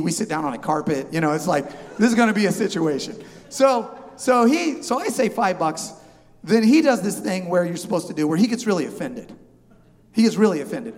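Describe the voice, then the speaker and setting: Pastor with a hall's long echo. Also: male voice, on the high side. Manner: animated, acts out both sides of a haggle. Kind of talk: humorous storytelling sermon.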